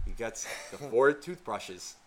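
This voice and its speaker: A man co-hosting a podcast, telling a rambling story in casual chat, profane and animated. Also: medium pitch, takes it slowly. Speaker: podcast co-host.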